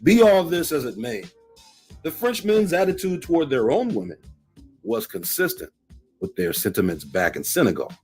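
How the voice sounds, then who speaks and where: A man's voice: on the high side, sing-song, normal speed, darkish tone, faint music behind. A man hosting a channel, reading a history book aloud with commentary and putting emphatic stress on quotations. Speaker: channel host.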